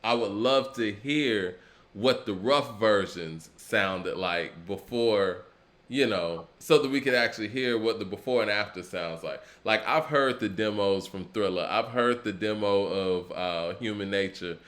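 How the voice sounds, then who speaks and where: Low-voiced male co-host, laid-back, reflective, trails off softly; casual hip hop talk. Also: a little slow. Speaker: podcast co-host.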